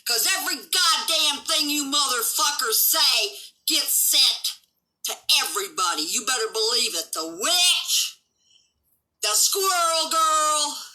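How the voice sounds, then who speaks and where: A seventy-year-old woman tears into her critics on a livestream, swearing with nearly every breath and rising to shouts. Her voice is sharp and piercing, pitched a little higher than most women's. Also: rough recording. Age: 70s. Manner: combative, swearing constantly, shouting at times. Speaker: livestream host. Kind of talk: angry profane rant.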